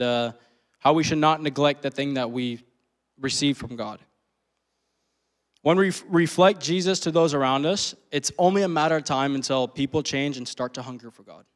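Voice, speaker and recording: Young man preaching in casual slang. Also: fairly high pitch. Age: 20s. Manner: casual storytelling with slang, laughs often. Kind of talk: sermon with personal story.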